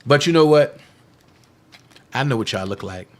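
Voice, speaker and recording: A man hosting a political livestream, delivering a heated, defiant monologue that taunts his critics, repeats phrases for emphasis and swings from loud outbursts to hushed asides. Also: medium pitch, expressive, normal speed, slight background noise.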